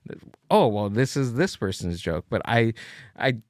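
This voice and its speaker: A man's voice: medium pitch, sing-song, normal speed, dry recording, studio quality. Man in his thirties, casual podcast host. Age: 30s. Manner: rambling, self-questioning, restarts. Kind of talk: casual chat.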